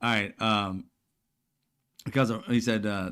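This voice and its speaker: A man's voice: fairly low pitch, steady tone, a little slow, long pauses, a bit bright, clear, resonant tone. A man hosting casual political commentary, talking bluntly with profane slang and a mocking, sarcastic edge. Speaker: commentary channel host.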